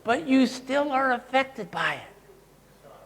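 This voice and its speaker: Animated high-pitched man teaching a seminar. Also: slow, long reverb tail, slight background noise. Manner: animated, playful, asks the audience questions. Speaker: workshop presenter. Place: seminar room with an audience.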